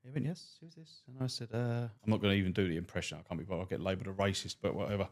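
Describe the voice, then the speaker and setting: Blunt, swearing cabbie. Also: male voice, deep voice, very fast. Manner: blunt, profane, deadpan storyteller. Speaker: cab driver and stand-up comic guest. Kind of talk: swearing anecdotal storytelling.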